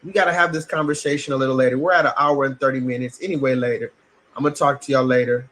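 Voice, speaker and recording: A man's voice: medium pitch, steady tone, fast talker, a bit bright. A man from the United States giving blunt, emphatic, profane livestream commentary. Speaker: streamer.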